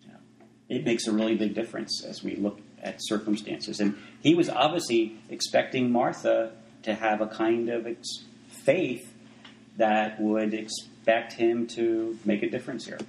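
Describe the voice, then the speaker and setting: Conversational preacher in an echoey room. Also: male voice, lowish voice, fairly even intonation, unhurried, vocal fry, darkish tone, slight background noise. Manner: conversational, many asides and restarts. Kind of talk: sermon.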